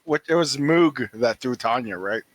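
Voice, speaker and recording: A man's voice: mid-range voice, animated, moderate pace, low-quality recording. A man playing a tabletop game, eager and prone to stammering restarts. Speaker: player. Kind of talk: tabletop role-play.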